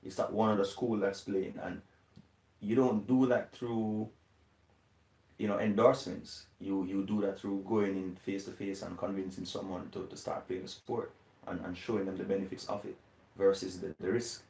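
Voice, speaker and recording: A very deep-voiced man from Jamaica answers interview questions thoughtfully, pausing and hedging with fillers. He sounds set back from the mic in an echoey room. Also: steady tone, gravelly, darkish tone, far from the mic. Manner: thoughtful, hesitant, many fillers. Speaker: interview guest.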